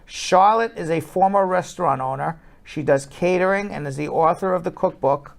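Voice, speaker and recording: A man reads a scripted voice-over in a measured, informative way. His voice sits high and carries a gravelly edge. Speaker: show reporter.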